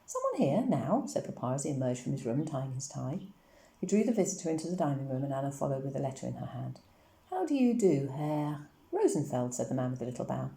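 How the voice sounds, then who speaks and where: A woman reading a children's novel aloud in a calm, measured storytelling manner, in an echoey room. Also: very deep voice, gravelly. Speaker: reader.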